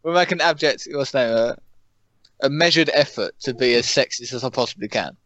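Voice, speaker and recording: A young man co-hosting a podcast, chatting casually in a flat, monotone way. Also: medium pitch, fairly quick, dry recording, lo-fi sound. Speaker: podcast co-host. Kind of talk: casual chat.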